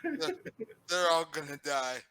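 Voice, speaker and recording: A man's voice: a little high, wildly swooping pitch, unhurried, pushed and bright, smooth, exaggerated voice. A man voicing a sly, darkly joking male adventurer in a tabletop game, speaking in a dry, conspiratorial way.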